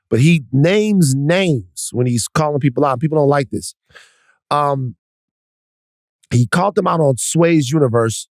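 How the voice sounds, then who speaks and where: A man hosting a casual podcast, setting up clips and posing questions deliberately. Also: medium pitch, a little mellow, no room sound, clean studio sound. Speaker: podcast host.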